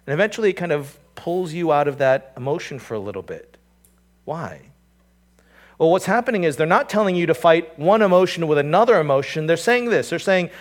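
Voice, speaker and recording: Male pastor, sermon, dips to near-hushed verse reading, rises to emphatic points, rhetorical questions, restarts phrases. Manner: swings from hushed, low scripture reading to raised, emphatic preaching.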